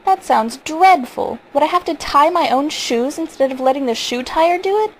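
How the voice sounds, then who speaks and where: Spoiled, cold-voiced boy, voiced by a woman reader, pitched up a touch. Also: normal speed, vocal fry, a little mellow, slight background noise, rough recording. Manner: cold and defiant. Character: sullen, spoiled young boy.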